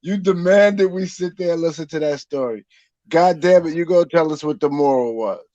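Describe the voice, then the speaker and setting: A man's voice: fairly high pitch, moderate pace, warm tone, no room sound, lo-fi sound. A man joining a livestream as a guest, bantering and teasing the host and cutting in with repeated interruptions. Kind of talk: casual banter.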